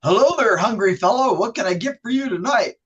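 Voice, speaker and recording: A woman's voice: mid-range voice, lively intonation, fairly quick, breathy edge, muffled recording. Woman putting on a perky drive-through worker. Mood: perky, upselling. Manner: sing-song menu reading, stumbling over words. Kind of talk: acted drive-through order for a trivia game.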